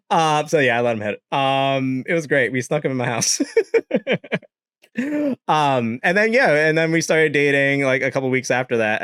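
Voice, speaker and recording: A man's voice: medium pitch, fairly bright tone, dry recording, studio quality. A young man casually telling dating stories to a live chat, laughing often, swearing and acting out quotes. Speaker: streamer.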